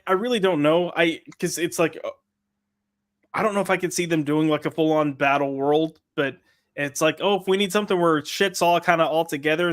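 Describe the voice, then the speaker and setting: A man's voice: a little high, fairly bright tone. A man hosting a podcast in casual chat, reading out live chat comments in a loose, rambling way with lots of fillers. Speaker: podcast host.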